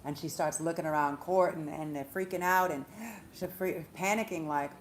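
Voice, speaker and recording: A woman, a spiritual reader, retelling a story in a profane, animated monologue. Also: low voice, moderate pace, a little hiss or hum. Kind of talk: casual monologue vlog.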